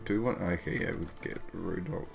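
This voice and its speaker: A man playing a video game, commenting casually, swearing and laughing often, swinging between loud outbursts and quiet mutters. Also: low-pitched, fairly even intonation, brisk, creaky, soft background music. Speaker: gaming host.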